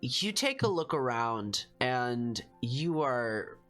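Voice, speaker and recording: A man's voice: medium pitch, big pitch swings, slow pace, fairly bright tone, soft background music. A man narrating as game master in a casual, filler-heavy way.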